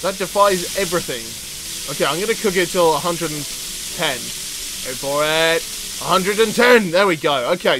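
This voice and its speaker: A young man with an English accent hosting a let's play, reacting loudly and laughing at the game. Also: fairly high pitch, slight background noise. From England. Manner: excitable, yelling and laughing at the game. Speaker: gaming channel host.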